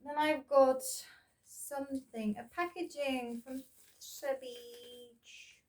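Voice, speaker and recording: Speaking extremely slowly in a high, steady voice, this vlogger reminisces as she goes through old keepsakes. Her talk is casual and rambling, full of fillers as she thinks out loud.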